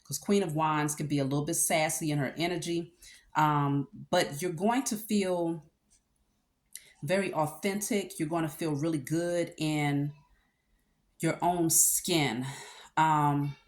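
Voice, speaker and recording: A woman's voice: low voice, steady tone, slow pace. A woman giving a casual tarot reading, talking conversationally with check-ins and fillers. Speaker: tarot reader.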